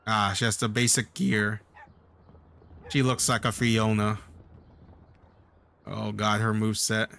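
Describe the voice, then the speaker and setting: A man's voice: fairly low pitch, level tone, slow pace, creaky, pauses often, a bit bright, a little hiss or hum. A man giving casual, chatty commentary while playing a video game. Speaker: let's play host.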